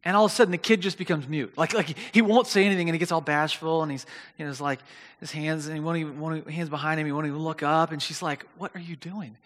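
A pastor preaches a sermon in a slightly high, fast voice, and the sound is that of a big room. He tells a story animatedly, often restarting and repeating words, and rises to near shouting at the big moments.

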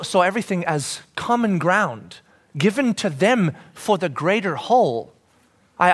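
A man's voice: high-pitched, fairly bright tone. A middle-aged man preaching a sermon, telling a family story with lots of energy and acting out his children's voices. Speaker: pastor.

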